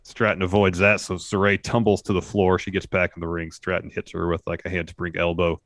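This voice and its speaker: A man co-hosting a wrestling podcast, giving a steady, casual play-by-play summary from his notes. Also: low voice, fairly quick, dry recording, clean studio sound. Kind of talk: casual chat recapping a wrestling show.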